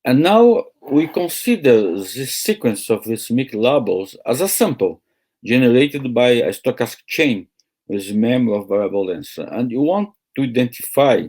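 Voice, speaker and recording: Slow, halting male lecturer. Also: medium pitch, expressive, a little mellow, husky. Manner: slow, halting, with many pauses and fillers. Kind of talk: academic lecture. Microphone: video call.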